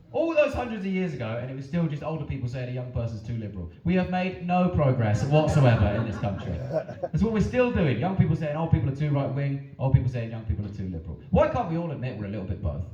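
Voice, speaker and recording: A male stand-up comedian who performs his set with animated, sweary, self-mocking storytelling. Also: medium pitch, fast, slight background noise. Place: comedy venue stage. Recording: echoey venue, distant mic, dull sound.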